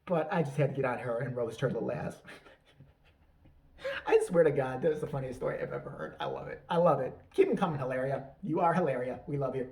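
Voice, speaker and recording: A woman's voice: extremely low pitch, sing-song, fairly quick, darkish tone, a little hiss or hum. A woman hosting a vlog, delivering a brash, profane comedic rant. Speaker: vlog host. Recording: voice picked up from a distance.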